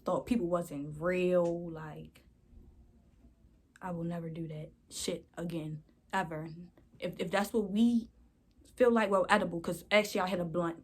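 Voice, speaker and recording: A woman's voice: lowish voice, fairly even intonation, a little slow, pauses often, husky. A young woman vlogger telling a storytime in a rambling, slangy way, often calling her viewers y'all. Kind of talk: casual storytime.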